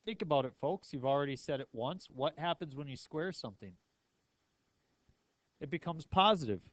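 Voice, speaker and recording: A man teaching a math lesson with a slightly high voice, recorded close and dry. He keeps quizzing his listeners and makes little jokes as he goes along. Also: expressive, moderate pace, fairly bright tone, no room sound. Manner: playful, asks the class many questions. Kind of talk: classroom lecture.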